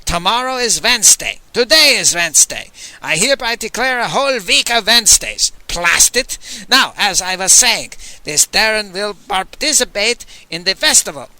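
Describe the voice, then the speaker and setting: A man voicing a blustering, short-tempered alien high priest who roars his commands. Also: lively intonation, moderate pace, bright, forceful tone, dry recording, exaggerated voice. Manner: bellowing, roaring commands.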